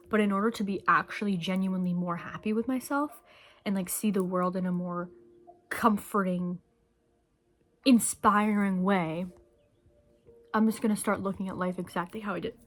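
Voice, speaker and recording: This young woman's medium-pitched voice moves at a moderate pace with frequent pauses. As a vlogger chewing candy on camera, she wanders through a casual, reflective monologue, gets emotional and sometimes falls to a near whisper.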